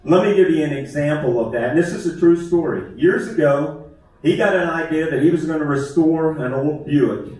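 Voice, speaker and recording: A man's voice: a little high, normal speed, darkish tone. Self-deprecating comedian in his fifties. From West Virginia. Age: 50s. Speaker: stand-up comedian. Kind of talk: stand-up comedy set. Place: theater stage. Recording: echoey theater from far off.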